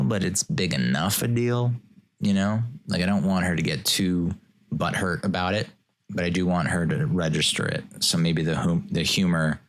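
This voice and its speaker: A man's voice: sits low, a bit bright. A man hosting a casual solo podcast, rambling and joking, often chuckling as he talks. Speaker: podcast host.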